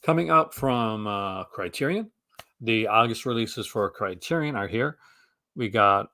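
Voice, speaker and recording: A man's voice: mid-range voice, vocal fry, a bit bright, dry recording, studio quality. A man with a Canadian accent, hosting a casual chat and rambling with frequent restarts. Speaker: host.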